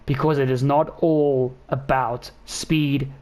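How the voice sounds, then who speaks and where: A man hosting a gaming channel, giving a casual racing game car review in an excitable, rambling way with lots of self-corrections. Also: mid-range voice, takes it slowly.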